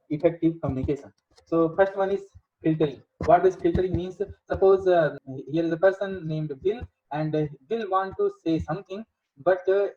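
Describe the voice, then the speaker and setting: A man giving a recorded engineering lecture, in a halting way with many fillers. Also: on the high side, slightly rough. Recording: dull lo-fi lecture audio.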